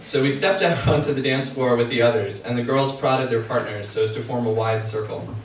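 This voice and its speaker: A man in a mid-range voice reads his novel aloud in steady first-person narration. The echo of a room carries his voice, and a faint murmur sits behind it from a distance. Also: mid-range voice, fairly quick, slight background noise. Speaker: author. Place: event room for a book party. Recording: echoey room, heard from afar.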